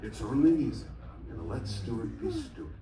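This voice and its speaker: A man imitating a bandmate who gives calm, offhand instructions, speaking softly and slowly. It is recorded from the audience in a theatre. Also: mid-range voice, echoey room, far from the mic, crowd noise. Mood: laid-back. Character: bandmate giving calm, laid-back instructions.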